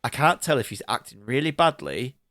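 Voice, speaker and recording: A man co-hosting a podcast, chatting casually about a film, animated and swearing freely, often mimicking characters. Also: medium pitch, brisk, no echo, studio quality. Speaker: podcast co-host. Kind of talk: casual film review chat.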